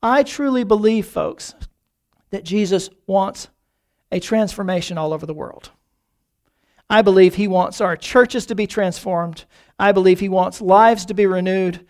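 A man preaching a sermon, often calling the congregation folks and repeating key phrases, slowing down to stress them. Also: high-pitched. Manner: slows down on key phrases for emphasis.

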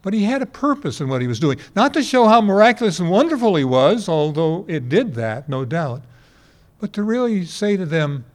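A man's voice: high voice, sing-song, moderate pace. A man in his eighties preaching a sermon to a congregation, telling folksy stories and asking rhetorical questions. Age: 80s. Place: before a congregation.

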